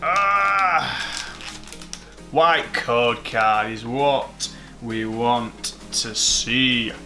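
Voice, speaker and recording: A man who hosts a card-opening channel, chatting casually as he opens packs. He gets excited, swears and mocks himself. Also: mid-range voice, extremely slow, faint music behind.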